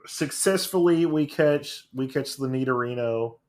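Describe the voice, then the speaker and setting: A man co-hosting a podcast, talking in a relaxed, thoughtful way about a comic. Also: mid-range voice, a little slow. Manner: relaxed, thoughtful, laughs easily. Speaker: podcast co-host. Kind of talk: casual chat about a comic.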